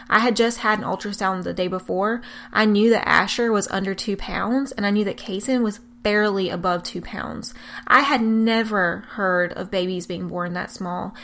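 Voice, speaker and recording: A young woman telling, with deep emotion and earnest candor, the story of her twins' premature birth. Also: a bit bright, slight background noise. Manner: emotional, tearful at times, earnest. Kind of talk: personal testimony.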